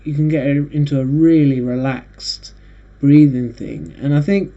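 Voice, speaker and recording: A man hosting a casual monologue, rambling and halting with frequent restarts. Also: on the high side, warm tone. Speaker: host. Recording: dull lo-fi recording.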